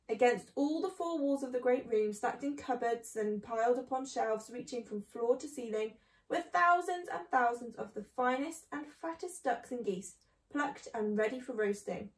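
A woman reading a children's book aloud in a clear, steady storytelling manner. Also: on the high side, normal speed, recorded from a distance. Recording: echoey room.

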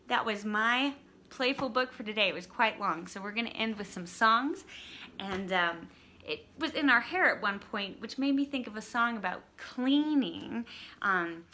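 A woman's voice: mid-range voice, slight background noise. A woman leading a toddler story time, reading an interactive book aloud and singing simple songs while coaxing the children to join in. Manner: bright, slow and animated, singing and coaxing small children. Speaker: children's librarian.

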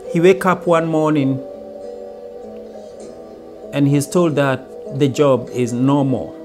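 Man telling a story over music. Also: fairly high pitch. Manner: storytelling, briefly acting out everyday lines. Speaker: self-help speaker. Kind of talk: motivational monologue.

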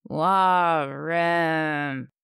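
A woman voicing an older father who speaks haltingly and trails off. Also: mid-range voice, expressive, dry recording, clean studio sound. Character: older father, confused and faltering.

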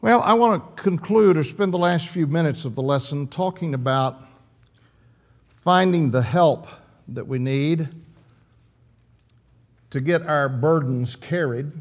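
A man's voice: fairly high pitch, measured pace, long pauses. A man preaching an earnest, emphatic sermon in church, often restarting his phrases.

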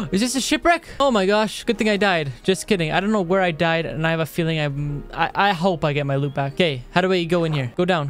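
A man giving casual gameplay commentary, excitable, talking to himself and his viewers, gasping and groaning as he plays. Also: sits high. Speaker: Minecraft let's player.

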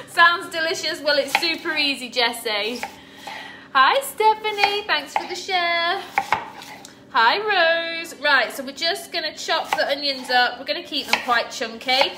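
Streaming casually from her home kitchen, a middle-aged woman hosts a cooking show, chatting, naming viewers as she greets them, and joking at her own expense. Her voice sits high and is expressive, her delivery a little slow. The faint sound of a children's game carries in the background.

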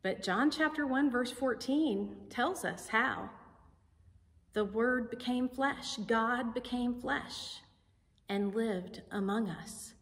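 A woman pastor preaching a sermon in a slow, deliberate, emphatic way. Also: fairly high pitch. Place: church sanctuary. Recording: sanctuary with long reverb.

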